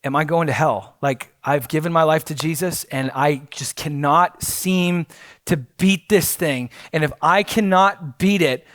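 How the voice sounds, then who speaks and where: A man's voice: fairly high pitch, a little slow, a bit bright, dry recording, clean studio sound. A man preaching a sermon as pastor, earnest and blunt, with frequent fillers and restarts.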